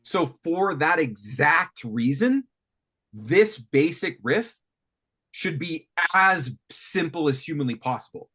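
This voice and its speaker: Man, music coach, thinks out loud with restarts, faint guitar behind. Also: a little high, slow, slightly rough. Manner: animated, thinks aloud with many restarts. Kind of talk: teaching songwriting on a call.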